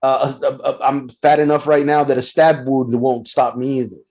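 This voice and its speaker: A man co-hosting a podcast tells a story in a casual, animated way, often restarting his sentences. His mid-range voice has a level tone and a darkish quality, and he speaks at a normal speed.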